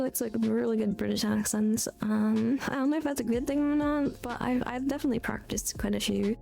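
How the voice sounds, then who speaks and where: Rambling, giggly woman with a gravelly fry. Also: on the high side, a little fast, few pauses, dark tone, soft background music. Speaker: live streamer. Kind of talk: casual live-stream chat with viewers.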